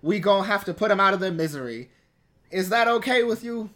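Guy doing a slow drawling cowboy type, high bright voice. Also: lively intonation. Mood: grim drawl.

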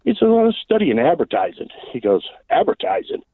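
A male caller comes through a thin, tinny phone line, his voice sitting a bit high for a man. He rambles through a long joke, stuffing it with fillers and endless "he says". The sound is close and dry. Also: huge pitch swings, fast, no echo. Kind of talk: telling a long joke on a call-in show.

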